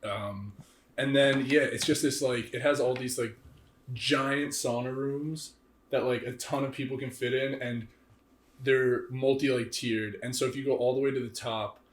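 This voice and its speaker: A young man co-hosting a podcast, chatting in an animated way, laughing often and filling his talk with "like" and "dude". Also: medium pitch, normal speed. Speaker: podcast co-host. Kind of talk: casual chat. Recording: echoey room.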